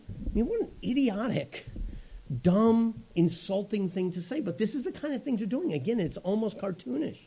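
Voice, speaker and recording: A middle-aged male preacher tells the story with animated, conversational energy. His pitch sits fairly high and leaps about, and his tone is mellow with a husky grain. The recording is slightly muffled. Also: normal speed. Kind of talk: sermon.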